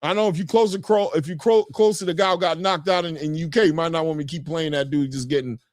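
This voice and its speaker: Male boxing-talk host, loose and excitable over fight replays, slightly high voice, recorded dry. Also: quick pace, no room sound. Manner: excitable, hollers and drawls reactions. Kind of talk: casual chat while replaying fight clips.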